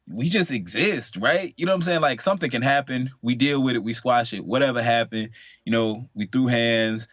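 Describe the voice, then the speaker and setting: A man's voice: lowish voice, no echo. A man in his late twenties chatting casually on a podcast, telling a personal story in a candid, rambling way. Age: late 20s. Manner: candid, rambling, lively storyteller with many fillers. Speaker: podcast co-host. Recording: dull, dry podcast audio.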